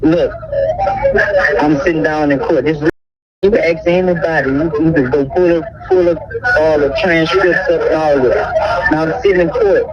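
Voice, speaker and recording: A man's voice: on the high side, steady tone, normal speed, distant mic, highs cut off, noisy background. A man with a Louisiana accent, a guest in an interview, telling his story in a casual, streetwise way and acting out the voices of people he quotes. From Baton Rouge, Louisiana. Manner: retells events acting out quoted voices, heavy on "bro" and "you know what I'm saying".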